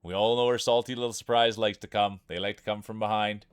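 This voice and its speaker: Lower-voiced man calling a game with hype. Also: fast, smooth, dry recording, clean studio sound. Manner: excitable, joking, hypes up players. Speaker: streamer and game commentator. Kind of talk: playful sports-style play-by-play commentary.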